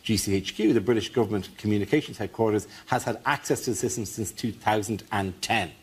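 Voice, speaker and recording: Brisk male panel show host. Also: lowish voice, husky. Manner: brisk, reads out questions, jokey. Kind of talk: hosting a comedy panel show. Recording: noisy studio.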